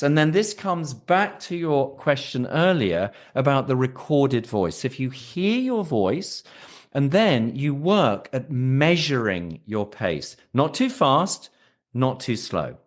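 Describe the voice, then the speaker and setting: Lively British voice coach, man. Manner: expressive, coaching tone with lively pitch. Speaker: executive voice coach. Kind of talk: podcast interview answers.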